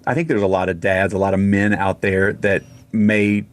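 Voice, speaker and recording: Low-voiced man, rambling radio guest. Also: little pitch movement, normal speed. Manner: rambling, retells conversations in quotes. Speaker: guest, singer. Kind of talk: casual interview storytelling.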